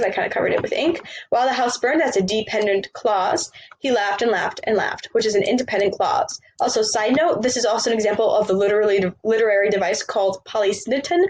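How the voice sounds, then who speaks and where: A woman teaching grammar, patiently walking through example sentences with quick question-and-answer drills. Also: on the high side, slight background noise, low-quality recording. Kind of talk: grammar lesson over written examples.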